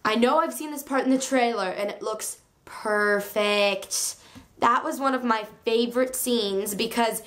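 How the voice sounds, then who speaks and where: A woman reviewing a book on her video channel, chatting in a gushing, excitable way with sarcastic asides. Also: fairly high pitch, a little slow. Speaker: book vlogger.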